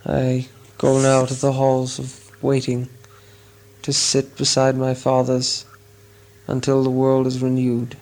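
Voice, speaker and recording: A man reading an audiobook, voicing a wounded dwarf king who speaks low, quiet and solemn. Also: monotone, slow. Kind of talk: audiobook character voice.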